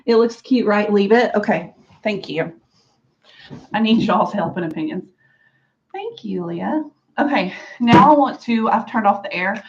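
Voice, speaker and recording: A woman chatting casually through a hair styling tutorial at home, sarcastic and quick to laugh. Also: medium pitch, lo-fi sound, slight background noise. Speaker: beauty vlogger. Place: home room with a fan.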